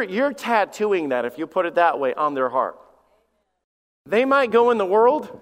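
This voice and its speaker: A man's voice: on the high side, fairly bright tone, long reverb tail. A man in his forties preaching a sermon as pastor, telling personal stories and often repeating words as he starts a sentence. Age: 40s. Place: church sanctuary.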